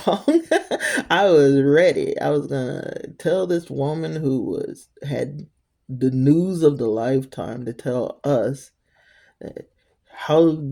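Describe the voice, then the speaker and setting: Mellow-voiced middle-aged woman storyteller. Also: extremely low pitch, vocal fry. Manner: rambling, conversational asides to the listener. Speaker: storyteller vlogger. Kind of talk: personal storytelling.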